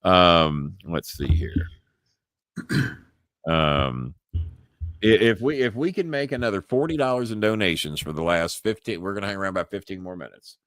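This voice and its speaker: A man's voice: deep voice, moderate pace, a bit bright, no room sound. An older man from Louisville with a Southern accent, hosting a live podcast in casual, rambling talk with frequent chuckles. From Louisville, Kentucky. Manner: rambling, chuckling, restarts words. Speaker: podcast host. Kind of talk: casual live-stream chat.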